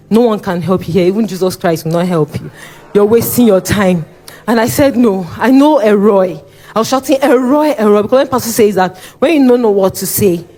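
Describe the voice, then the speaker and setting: A young woman with a Nigerian accent delivers a spoken testimony before a church. She tells it in an animated way, her pitch leaping as she acts out her own cries and pleas. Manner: animated, re-enacts her own shouting and pleading. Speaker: church member giving testimony.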